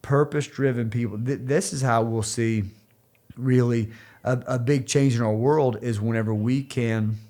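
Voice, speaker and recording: A man's voice: medium pitch, steady tone, normal speed, mellow. A man in his thirties co-hosting a church podcast, talking earnestly with frequent restarts and fillers. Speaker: podcast co-host. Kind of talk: casual podcast talk.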